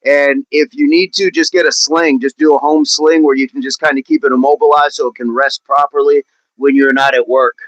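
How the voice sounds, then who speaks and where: A man's voice: mid-range voice, little pitch movement, brisk, no room sound, poor audio. Upbeat fitness coach, man. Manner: upbeat, chatty, counts reps aloud. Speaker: fitness coach hosting a livestream. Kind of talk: live workout stream, chatting with viewers.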